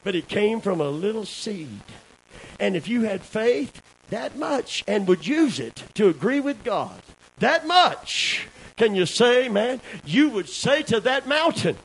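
A man preaching a sermon, dropping low for asides and rising to loud shouts while calling for amens. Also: sing-song, slow, slightly rough, rough recording. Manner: calls for amens from the congregation. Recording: faint hiss.

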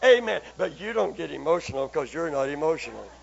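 A man preaching a broadcast sermon, swinging from quiet, low asides to loud, shouted exhortation, asking the congregation for amens. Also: very animated, fairly quick, gravelly, highs cut off. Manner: rises from low, soft asides to loud, shouted exhortation, constant calls of amen.

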